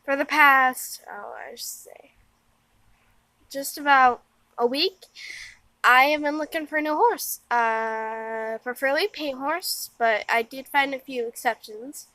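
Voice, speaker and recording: A woman's voice: high-pitched, unhurried, bright, forceful tone, no echo, low-quality recording. A tired young woman giving a rambling, casual vlog update outdoors in the wind, full of fillers and restarts. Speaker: vlogger.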